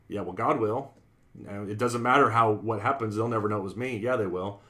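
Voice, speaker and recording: A man's voice: fairly low pitch, brisk, pushed and bright. A man preaching in a conversational Bible class style, earnest, repeating his phrases and acting out quoted sayings.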